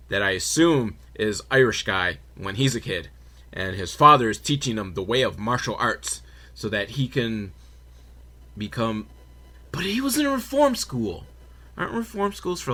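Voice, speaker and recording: A man's voice: medium pitch, sharp tone. Rambling, sarcastic male podcast host. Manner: rambling, sarcastic, swears freely, makes noises for quotes. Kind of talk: comedic film recap.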